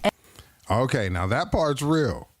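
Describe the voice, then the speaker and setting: A man's voice: mid-range voice, big pitch swings, a little slow, dry recording. A man hosting a live stream, reacting to clips with crude, playful jokes and frequent laughter. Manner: playful, keeps breaking into laughter; crude joking banter. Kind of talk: casual reaction commentary.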